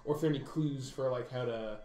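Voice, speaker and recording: A man's voice: medium pitch, fast, mellow. A man playing a tabletop game, asking the game master questions and rambling as he thinks aloud. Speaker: player. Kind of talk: casual tabletop play. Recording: echoey room.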